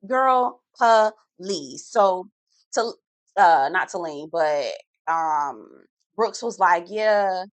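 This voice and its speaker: The voice sits on the low side, and there's no room sound. A woman breaks down reality TV with blunt, slang-filled commentary, sassily elongating words to punch up her points.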